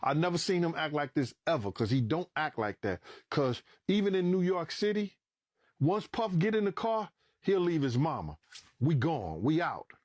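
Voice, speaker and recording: A middle-aged man with a fairly high speaking voice tells a long story as a podcast guest. He is loose and animated and swears freely. The sound is dry and close, with no room around it. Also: normal speed, no room sound. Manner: animated, acts out quoted dialogue, swears freely. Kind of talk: casual spoken storytelling.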